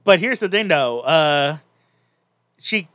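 A man co-hosts a casual podcast and retells a story in a loose, rambling way, restarting his sentences often. His voice sits a little high. The sound is dry and close, with no room around it. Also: expressive, takes it slowly, fairly bright tone, dry recording. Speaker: podcast co-host. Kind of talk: casual chat recapping a story.

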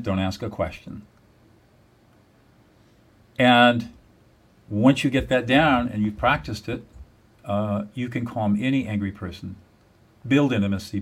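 A man speaking as a guest in an interview, explaining a method step by step in an emphatic, repetitive teaching manner. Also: mid-range voice. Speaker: guest, mediator.

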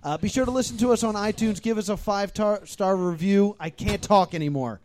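A man's voice: high-pitched, a little fast, darkish tone, a little hiss or hum. A man hosting a live comedy podcast, rambling jokily through show plugs and stumbling over names. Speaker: podcast host. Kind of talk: casual live podcast banter.

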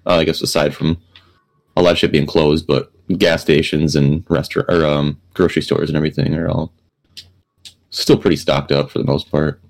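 A man's voice: very deep voice, little pitch movement, normal speed, gravelly. A man speaking as a podcast guest in casual chat, congested from a sinus infection, laid-back and swearing freely.

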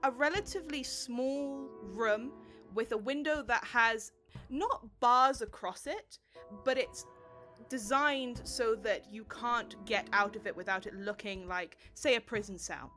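A woman narrating a tabletop game as game master, describing scenes in an unhurried way. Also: fairly high pitch, a bit bright, faint music behind.

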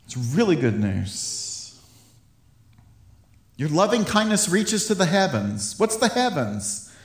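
A man with a somewhat high voice gives an informal Bible teaching with real enthusiasm. He laughs often and trips over repeated words as his thoughts run ahead. The room around him has a noticeable echo. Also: very animated, slow.

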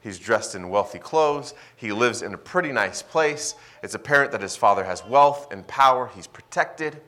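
A male pastor preaching a sermon, swinging between loud emphasis and quiet asides. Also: fairly low pitch, lively intonation, normal speed.

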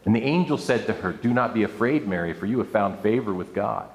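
A man's voice: lowish voice, animated, a little fast, few pauses. A man preaching a sermon to a room, reading scripture aloud and adding playful asides. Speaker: pastor. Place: church room with an audience. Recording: echoey room.

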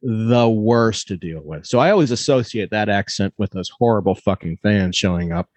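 A man's voice: lowish voice, normal speed, a little mellow, no room sound. A man from Maryland telling stories in casual chat, swearing freely and talking with relish. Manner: profane, enthusiastic storyteller.

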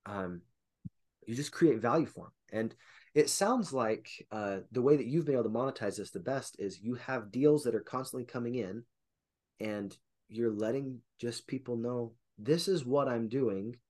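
A man's voice: medium pitch, normal speed, a little mellow. A man hosting a casual interview, summing up his guest's points in his own words. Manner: summarizes and recaps the guest's points. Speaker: podcast host.

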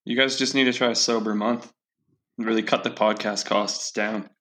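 A man's voice: fairly low pitch, fairly even intonation, normal speed, a bit bright. A man hosting a podcast, joking and swearing in casual banter. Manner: jokey, swears. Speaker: podcast host.

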